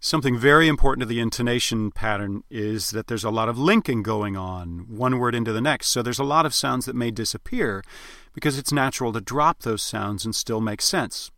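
A man coaching dialects in a measured, explanatory tone, now and then demonstrating the sounds he describes. His voice is bright and forward, recorded dry and close with no room around it. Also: medium pitch, no room sound. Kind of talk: instructional narration.

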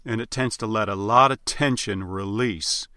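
Bright-voiced male dialect coach. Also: on the low side, no room sound, studio quality. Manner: measured, explanatory, demonstrates sounds. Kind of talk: instructional narration.

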